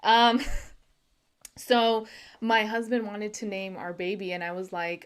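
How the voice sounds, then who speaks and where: Young woman doing stand-up, deadpan. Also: medium pitch, takes it slowly, clear, resonant tone. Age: young adult. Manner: deadpan punchlines with frequent laughs. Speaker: stand-up comedian. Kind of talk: stand-up set. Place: home. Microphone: video call.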